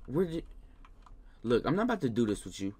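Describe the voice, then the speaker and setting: A man narrating a video game in casual let's-play commentary, talking to the characters on screen in slangy speech. He jumps into loud, high scolding bursts, then drops back to low mumbling. His voice sits at an ordinary middle pitch, with keyboard typing behind. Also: very animated, fairly quick, slightly rough. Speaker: gaming YouTuber.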